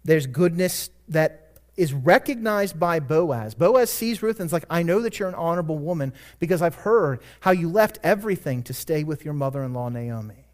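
Earnest preaching man, fairly high voice. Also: lively intonation, normal speed. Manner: earnest preaching with rising emphatic peaks; conversational asides and self-corrections. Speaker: pastor. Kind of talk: sermon.

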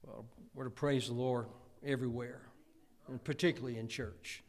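A man's voice: mid-range voice, normal speed. Folksy preacher man in a reverberant church. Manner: folksy, animated preaching with acted quotes. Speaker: pastor. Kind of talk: sermon. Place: church sanctuary.

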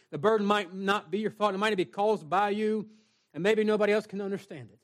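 A young man preaching a sermon in an earnest, plain-spoken way, repeating phrases and reading scripture aloud. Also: sits high.

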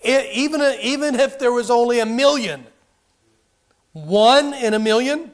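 A man's voice: extremely high pitch, normal speed. A man preaching a sermon as pastor, earnest, pressing his points with rising emphasis and many restarts.

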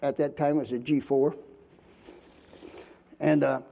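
A man's voice: mid-range voice, level tone, a little slow, creaky, mellow. An older man from Pennsylvania, a missionary preacher, telling his testimony in a folksy sermon style full of fillers. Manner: folksy storytelling with many fillers.

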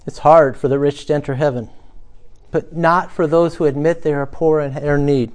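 A man's voice: on the high side, steady tone, normal speed, a little mellow, clear, resonant tone. Preacher man acting out the scene. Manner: dramatic, acts out the beggar's cries. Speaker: pastor. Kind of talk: sermon.

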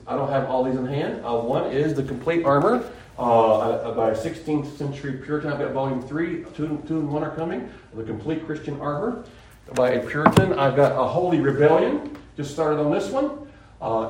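A man's voice: on the high side, a little mellow, a little hiss or hum. A man preaching a sermon in an earnest, rambling way, often restarting his sentences. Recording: very echoey room, voice from far off mic.

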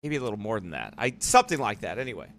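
Bright-voiced man hosting a church livestream. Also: lowish voice, big pitch swings, very fast, creaky. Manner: rambling, digressive. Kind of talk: casual live-stream commentary.

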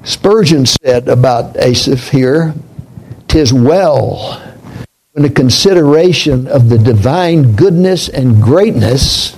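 A man preaching a sermon in a slow, reflective way, dropping to a hush on key points. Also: mid-range voice, lively intonation, a little hiss or hum, rough recording.

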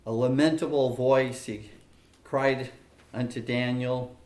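A man preaches an expository sermon slowly and deliberately, and his voice carries an echo from the room. He builds his points with emphasis and repeats phrases, with plenty of small fillers along the way. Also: mid-range voice, fairly even intonation, darkish tone. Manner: measured, emphatic preaching with frequent fillers and repetitions. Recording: echoey room.

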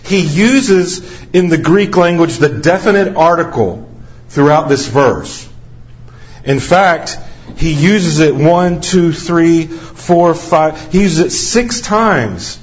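A man's voice: a little high, expressive, slow, muffled recording. A man preaching a sermon as a missionary, stressing key phrases by repeating them over and over.

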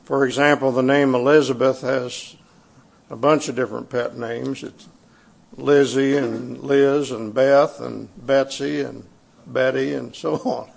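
Gravelly-voiced man preaching a sermon. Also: mid-range voice, fairly even intonation. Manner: conversational, halting with fillers and restarts. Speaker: pastor. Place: church sanctuary.

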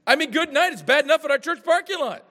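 A man preaching with a high voice that leaps all over its range. He drives his points home with rhetorical questions and quick asides. His voice rings out with a long hall reverb. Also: expressive, sharp tone. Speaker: pastor. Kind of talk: sermon.

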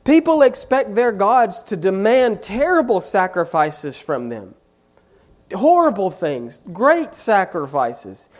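A preacher delivering a sermon at an unhurried pace, leaning hard on repeated phrases. The voice swoops up and down with lively, animated pitch, pressing each point home with growing force. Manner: emphatic, repeats key phrases with rising force. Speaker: pastor.

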